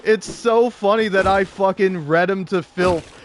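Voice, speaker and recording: Young male streamer with a somewhat high voice, chatting in a loose, profane, laughing way. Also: unhurried, slight background noise. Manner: rambling, profane, laughs often. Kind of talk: casual storytelling while gaming.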